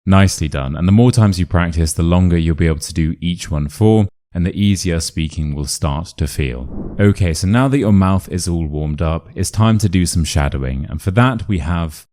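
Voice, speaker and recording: A man with a British RP accent teaching pronunciation in an upbeat, clear instructional video lesson. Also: low voice, moderate pace, few pauses, dark tone. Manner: clear, upbeat, demonstrating sounds.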